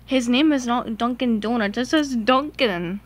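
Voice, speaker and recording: A woman's voice: fairly high pitch, a little slow, lightly acted. A woman voicing a cheerful, eager male engine in a homemade toy play, chatty and bossy with his friend.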